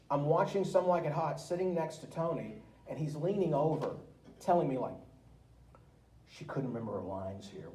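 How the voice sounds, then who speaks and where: Male guest speaker, lively storyteller, roomy room sound with faint background noise. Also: medium pitch, recorded from a distance. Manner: lively, laughing storyteller who acts out quotes. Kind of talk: anecdotal storytelling to an audience. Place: museum meeting room.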